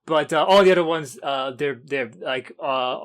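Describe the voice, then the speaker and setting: Rambling, higher-voiced male podcaster. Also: normal speed, a crowd in the background. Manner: rambling, stop-start, emphatic. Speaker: podcast co-host. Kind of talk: casual chat.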